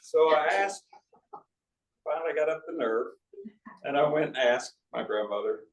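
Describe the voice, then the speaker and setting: A man's voice: mid-range voice, moderate pace. Older man telling stories in a roomy hall. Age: 60s. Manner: folksy anecdotal storytelling with asides. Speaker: author at a book talk. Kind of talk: storytelling talk to an audience. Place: cultural arts center auditorium. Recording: roomy hall audio from a distance.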